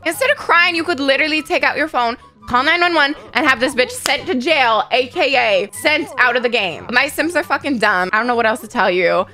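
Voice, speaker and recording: Woman, gaming host, excitable, foul-mouthed, swooping animated voice, faint music behind. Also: high-pitched, fairly quick. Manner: excitable, profane, shrieks at sudden moments. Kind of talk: playful gameplay commentary.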